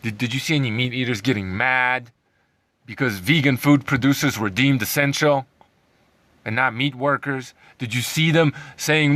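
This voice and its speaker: A man's voice: mid-range voice, moderate pace, a bit bright, no echo. Sarcastic man ranting over the news. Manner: sarcastic, heated, mocking laughs. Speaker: commentary vlogger. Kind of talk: ranting commentary reading news.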